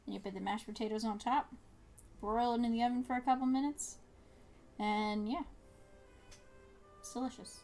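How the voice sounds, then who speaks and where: Young woman streamer, slightly high voice, rambling casual chat over faint game music. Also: fairly even intonation, moderate pace, long pauses, darkish tone. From New Jersey. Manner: chatty and rambling, frequent fillers and little laughs. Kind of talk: casual chat while gaming.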